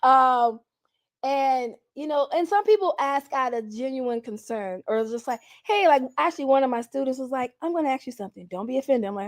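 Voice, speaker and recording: A woman's voice: high voice, a little fast. A young adult woman telling candid stories in an interview, laughing often and acting out what people said. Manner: animated, laughs often, acts out quotes. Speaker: guest.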